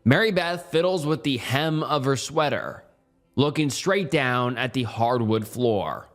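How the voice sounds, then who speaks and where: A man narrating a horror story in the first person with measured, somber delivery. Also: mid-range voice, soft background music.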